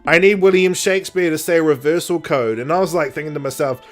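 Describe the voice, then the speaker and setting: A man's voice: fairly high pitch, fast. A man co-hosting a podcast, animatedly retelling episodes and acting out characters in put-on voices. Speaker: podcast co-host. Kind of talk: casual chat.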